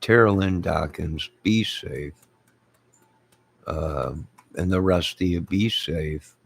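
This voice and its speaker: A man with a very low, gravelly voice hosts a YouTube channel in casual live-stream chat. He talks slowly and rambles, circling back to friendly sign-offs, with a husky edge to his voice.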